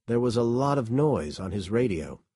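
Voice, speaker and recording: A man giving a measured, expressive scripted narration of an audiobook. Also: medium pitch, slightly rough, no room sound, clean studio sound.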